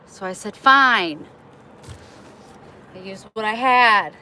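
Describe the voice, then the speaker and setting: A woman's voice: mid-range voice, takes it slowly, pauses often, background noise. A talkative, upbeat woman chatting with her viewers on a vlog, recorded on a phone outdoors in a parking lot. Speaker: vlogger. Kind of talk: chatty live-stream vlog.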